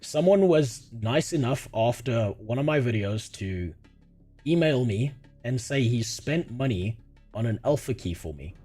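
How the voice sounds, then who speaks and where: There's faint music behind this man's husky, dark, mid-range voice, which is expressive and a little slow. With a South African accent, he chats casually on his livestream, reading messages from chat, frequently laughing, and keeping things crude and sarcastic.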